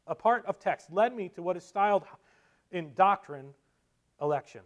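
High-voiced preacher with dramatic swings. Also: male voice, lively intonation, normal speed. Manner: swings from loud emphatic preaching to quiet asides. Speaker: pastor. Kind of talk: sermon.

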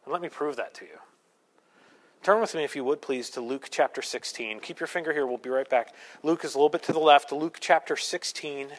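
Playful higher-voiced male preacher. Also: fairly quick. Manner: conversational, playful asides and acted quotes. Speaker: pastor. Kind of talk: sermon.

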